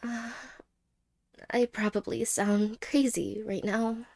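A woman voicing an apologetic young ex-girlfriend in a whispered role-play, speaking haltingly and softly and slipping into whispers. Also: mid-range voice, fairly even intonation, gravelly. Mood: tender. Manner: halting, hesitant, soft-spoken with whispered words.

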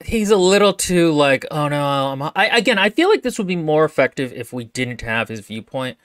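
A woman's voice: sits low, lively intonation, fairly quick, no room sound, studio quality. A woman co-hosting a book podcast, making wry, sarcastic comments about the story. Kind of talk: casual book discussion.

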